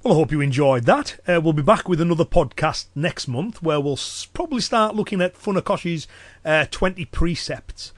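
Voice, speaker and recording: A man with a Cumbrian accent hosting a podcast alone, talking in a relaxed, chatty way with lots of fillers. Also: fairly high pitch, normal speed. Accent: Cumbrian English. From Cumbria, northwest England. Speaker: podcast host and self-protection instructor. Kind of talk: solo podcast talk.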